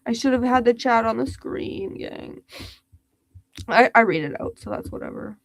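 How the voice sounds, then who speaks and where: A woman's voice: on the high side, normal speed, gravelly, no echo. A young woman hosting a casual livestream, chatty and giggly, reading viewers' comments aloud. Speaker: livestream host.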